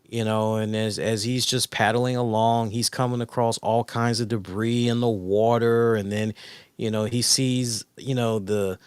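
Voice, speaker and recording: Excitable rambling man, dry close sound. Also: on the low side, a little slow, clean tone, no echo. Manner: rambling, excitable, profane storytelling. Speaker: podcast co-host. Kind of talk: casual chat.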